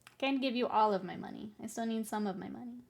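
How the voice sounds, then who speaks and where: A woman's voice: on the high side, quick pace, creaky. A woman streamer chatting casually with viewers while she paints miniatures. She is playful and rambling, pokes fun at herself, and often breaks into giggles between remarks. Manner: playful, rambling and self-mocking.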